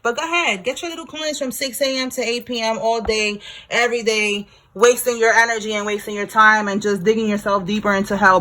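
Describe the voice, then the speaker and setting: A woman with a slightly high voice leads a casual tarot reading and talks straight to her viewers. Her tone is blunt and slangy, and she swears freely. She keeps it loose and chatty throughout. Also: a little fast, few pauses, fairly bright tone, a little hiss or hum. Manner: talks to viewers directly while pulling cards. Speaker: tarot reader.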